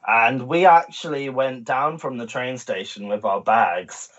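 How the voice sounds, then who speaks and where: A man's voice: medium pitch, measured pace, fairly bright tone, lo-fi sound. A young man co-hosting a travel podcast, laid-back, with dry humour. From England. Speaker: podcast co-host. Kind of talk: casual travel chat.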